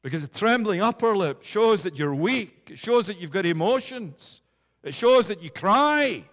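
Man, preacher, fairly high voice, emphatic sermon, long hall reverb. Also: big pitch swings, moderate pace, a bit bright. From United Kingdom. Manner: emphatic, building repeated declarations to a rising pitch.

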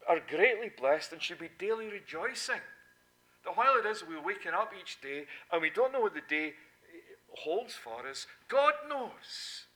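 In this sermon, a man alternates between quiet side remarks and booming, forceful declarations, hammering his main points through repetition. His pitch is high, and the audio is rough.

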